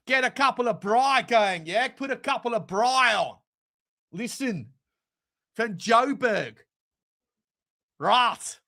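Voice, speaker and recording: A bossy, easygoing South African bloke, put on by a man on a live stream. The voice sits high and bright with a cutting edge, and every word is stretched out in a deliberately hammy drawl. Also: animated, exaggerated voice. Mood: mock-bossy. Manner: drawled, exaggerated impression.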